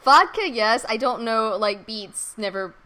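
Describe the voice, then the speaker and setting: Bright-voiced chatty woman podcaster. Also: fairly high pitch, a little slow, rough recording. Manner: chatty, laughs often, lively. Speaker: podcast co-host. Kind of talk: casual fan podcast chat.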